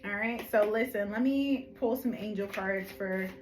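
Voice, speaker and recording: A woman's voice: medium pitch, measured pace, music in the background, rough recording. A woman with a Philadelphia accent giving a collective tarot reading to camera, chatty and affectionate, calling viewers honey and checking in with "okay?". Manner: animated, emphatic, frequent "okay?" check-ins. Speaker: tarot reader.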